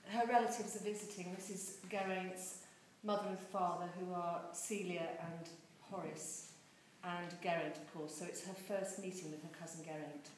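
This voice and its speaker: A woman's voice: lowish voice, moderate pace, hardly any pauses, a little hiss or hum. Woman reading a story in an echoey room. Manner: expressive, lively storytelling. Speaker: reader. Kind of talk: reading a novel aloud.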